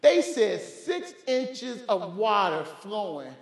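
A male pastor preaching a fervent sermon, often shouting and repeating words as he stammers. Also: high-pitched, big pitch swings, takes it slowly, gravelly. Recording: echoey church hall.

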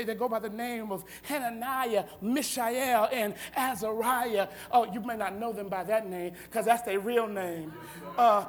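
Preacher guy from ohio, high voice, joking around then hollering, full-on sermon. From Akron, Ohio. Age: adult. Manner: emphatic, joking preaching with loud outbursts.

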